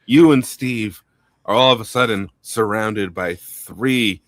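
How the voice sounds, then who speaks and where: A man's voice: on the low side, takes it slowly, a bit bright. A man narrating a tabletop game as game master on a live talk show, playful and laughing often.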